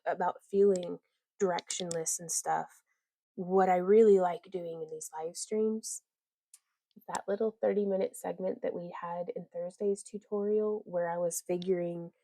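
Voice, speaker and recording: Woman, casual craft livestream host, rambling, giggly, lowish voice, dry sound. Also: mellow, no room sound. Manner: chatty, rambling and giggly, reads viewer comments aloud.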